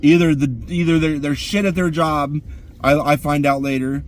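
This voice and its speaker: A man's voice: a little high, flat delivery, normal speed. A man ranting crudely and profanely while sitting in his car. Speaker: vlogger.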